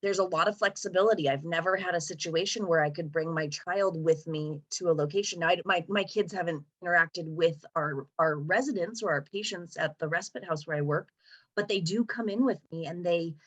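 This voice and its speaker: A woman speaks earnestly on a video call, her voice slightly low, describing her hospice work in a thoughtful tone. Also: moderate pace, rough recording. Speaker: hospice worker. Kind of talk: casual chat on a video call.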